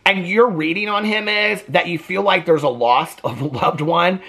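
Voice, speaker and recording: A man's voice: high voice, moderate pace, sharp tone. A man giving sassy, emphatic casual commentary on a TV show, often ending with "okay?". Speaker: TV reaction vlogger.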